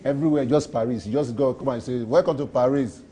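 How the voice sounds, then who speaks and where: A man's voice: medium pitch, fast, warm tone, slight background noise. A Nigerian man in a street interview, rambling playfully and boasting, repeating his phrases.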